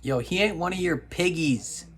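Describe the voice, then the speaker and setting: A man's voice: a little high, moderate pace, fairly bright tone. A man hosting a reaction video, talking back at the screen in exasperated, casual commentary.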